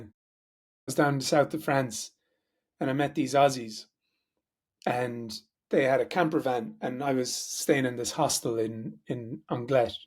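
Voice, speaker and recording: An Irish man co-hosting a podcast, telling stories in a casual, chatty way and laughing often. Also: medium pitch. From Ireland. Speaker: podcast co-host. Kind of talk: casual chat.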